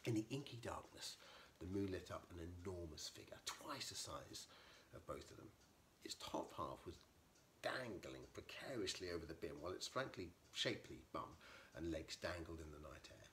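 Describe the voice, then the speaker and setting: A man with a low voice reads a children's storybook aloud, lively and expressive. His pitch rises and falls widely as he narrates. A faint hiss of the room sits behind him. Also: normal speed. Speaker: narrator, author. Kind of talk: storybook reading.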